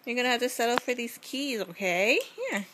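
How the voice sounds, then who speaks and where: A woman's voice: a little high, brisk, noisy background. A woman talking affectionately and teasingly to her pets in a casual home video. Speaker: dog owner. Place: home, indoors.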